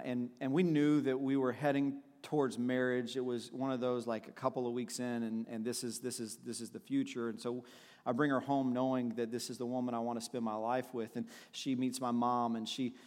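Delivering a sermon in a mid-range voice, a man shares personal stories reflectively, often restarting his sentences. The sound has a big-room quality.

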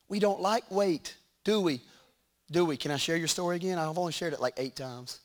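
A middle-aged man preaching a sermon in a church, animated, with shouted peaks and joking asides. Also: on the high side, brisk. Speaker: pastor. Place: church sanctuary.

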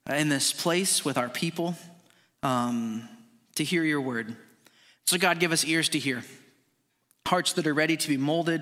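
A man's voice: fairly high pitch, sharp tone. A man preaching a sermon as a pastor, praying and then teaching in an earnest, conversational way with frequent restarts. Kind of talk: sermon with opening prayer. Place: church meeting room.

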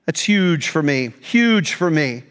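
A middle-aged male pastor telling a personal story in a sermon, animated, jumping between quiet asides and loud outbursts. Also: on the high side, slow pace, clean tone. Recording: long hall reverb.

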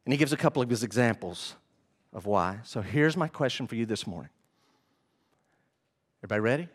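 A male pastor preaching a sermon, animated and often asking the congregation questions. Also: mid-range voice, brisk.

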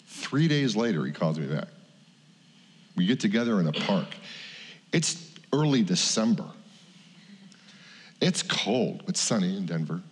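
A middle-aged male pastor tells a candid, confessional personal story in his sermon, acting out what people said to him. His voice is low and husky, with long hall reverb on the recording.

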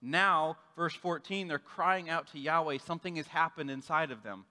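A man's voice: on the high side, moderate pace, pushed and bright, long reverb tail. A man preaching a sermon in a casual, conversational way, acting out the voices of the people in the story. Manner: conversational, acts out quoted voices. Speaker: pastor.

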